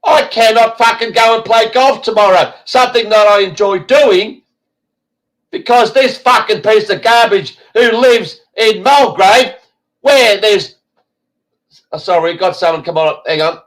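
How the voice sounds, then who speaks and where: A man's voice: high-pitched, measured pace, fairly bright tone, rough recording. An Australian man hosting an online talk show, ranting bluntly and swearing heavily. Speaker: show host.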